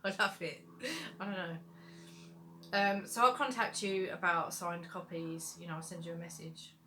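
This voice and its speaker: A young woman with a fairly low yet bright, forward voice answers viewer questions in a relaxed live Q&A. She talks in a loose, chatty way, with frequent fillers. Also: moderate pace, a little hiss or hum. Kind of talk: casual livestream Q&A.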